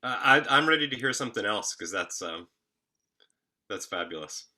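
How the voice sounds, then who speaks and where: A man giving encouraging feedback in a horn masterclass, pausing often with "um". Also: fairly low pitch, animated, bright, forceful tone. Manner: encouraging, hesitant with many "um"s. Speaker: horn teacher.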